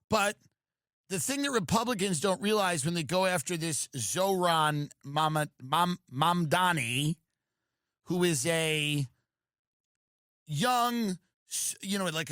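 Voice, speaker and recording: A man's voice: a little high, fairly bright tone, no echo, clean studio sound. A man hosting a comedy podcast, riffing sarcastically and acting out mocking voices.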